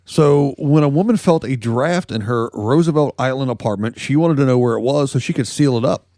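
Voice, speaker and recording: A man's voice: mid-range voice, a little fast, warm tone, no echo, studio quality. A man co-hosting a comedy news podcast, telling stories in a rambling, joking way. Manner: joking, rambling storytelling with laughs. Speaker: podcast co-host. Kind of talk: casual comedic news chat.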